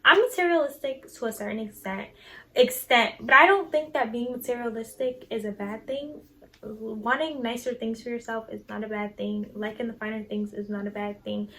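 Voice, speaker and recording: A woman's voice: a little high, sharp tone, low-quality recording. A teenage girl talking casually to her viewers in a chatty, self-assured way. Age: teens. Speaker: vlogger. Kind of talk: casual vlog talk to camera.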